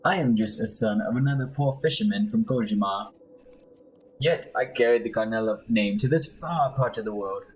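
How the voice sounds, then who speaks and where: Sly, persuasive male sellsword with a put-on Spanish accent, as a lower-voiced gamer acts him out. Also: moderate pace, slight background noise, lightly acted, low-quality recording. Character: smooth-talking male street mercenary bodyguard. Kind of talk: let's play voice acting.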